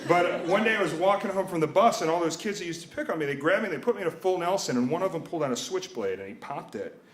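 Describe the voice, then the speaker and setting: A man's voice: fairly high pitch, lively intonation, fast talker, roomy sound. A man in his thirties telling a personal story live, wry and self-mocking, acting out the voices of the people in it. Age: 30s.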